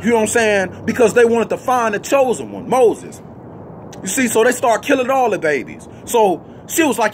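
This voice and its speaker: High-voiced, fiery, blunt street preacher man. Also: big pitch swings, moderate pace, slight background noise. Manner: fiery and blunt, cussing, with constant "you see what I'm saying" and "man" tags. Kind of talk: freestyle street sermon to camera.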